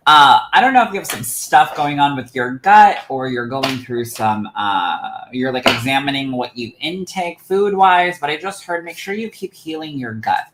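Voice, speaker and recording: A man's voice: on the high side, echoey room, low-quality recording. A man hosting a live stream as a psychic medium, reading cards for viewers and calling them "my love". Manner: animated, affectionate, calls viewers "my love". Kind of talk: livestream card readings for viewers.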